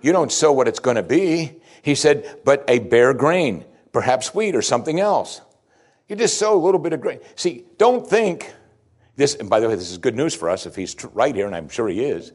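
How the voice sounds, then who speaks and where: A man preaching a sermon in a plain-spoken, folksy way, full of rhetorical questions, swinging from loud emphatic bursts to low quiet asides. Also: big pitch swings, fairly quick.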